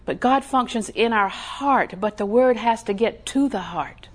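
Animated storytelling woman preacher, slightly high. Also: measured pace. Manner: animated storyteller who acts out voices and drops to whispers; homespun, laughing asides. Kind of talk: conversational sermon.

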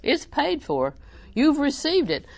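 A woman preacher, delivering a sermon with animated emphasis that rises to near-shouting. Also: high voice, takes it slowly, vocal fry.

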